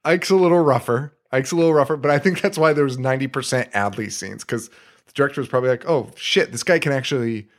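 A man co-hosting a podcast, casually retelling a film scene with excitement, swearing and laughing. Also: mid-range voice, fast talker. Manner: excitable retelling, swearing, putting on silly voices. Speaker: podcast co-host. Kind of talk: casual film-review chat.

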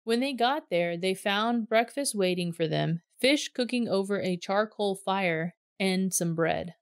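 A woman reading a Bible passage aloud in a clear, measured storytelling voice. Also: mid-range voice, lively intonation, no echo, clean studio sound. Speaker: scripture reader.

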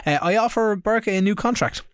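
A man's voice: high voice, brisk, clean tone, dry recording. A man co-hosting a podcast, teasing his co-host and reporting on his own game. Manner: teasing, lively. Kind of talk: casual gaming chat.

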